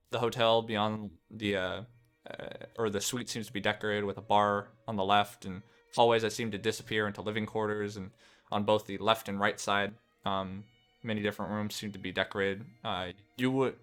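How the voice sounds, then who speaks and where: Rambling male game master, bright smooth voice. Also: lowish voice. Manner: rambling, many fillers and restarts. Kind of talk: narrating a tabletop game.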